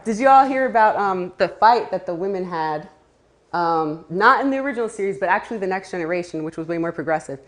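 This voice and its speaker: A woman's voice: on the low side, lively intonation, quick pace. A woman giving a casual talk to a live audience, chatty, with laughing asides and many fillers. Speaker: community speaker.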